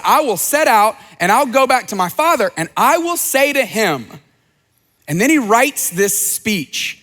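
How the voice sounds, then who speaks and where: High-voiced man preaching in a reverberant hall. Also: fairly bright tone. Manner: earnest preaching, acts out quoted speech. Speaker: pastor. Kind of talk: sermon.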